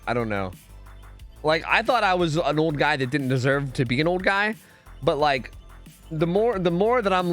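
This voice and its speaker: A man's voice: high voice, a bit bright. A man streaming a game, chatting casually with viewers, rambling and swearing, saying dude a lot. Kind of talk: casual chat with chat while gaming.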